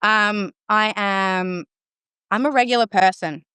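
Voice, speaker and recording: A woman's voice: medium pitch, slow, pushed and bright, smooth, dry recording. A woman guest on a podcast, talking in casual chat, confident, emphatic and playful. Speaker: podcast guest, green witch.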